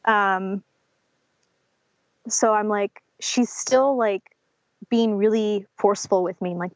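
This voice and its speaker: A young woman from North Carolina recounts her experience to a podcast host. She fills her speech with "um" and "like" and slips into quoting others. The audio is dry and slightly muffled, at a middle pitch. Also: slow pace, long pauses, no room sound. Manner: many fillers like "um" and "like", acts out quotes of others. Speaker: podcast guest. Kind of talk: telling a personal birth story in an interview.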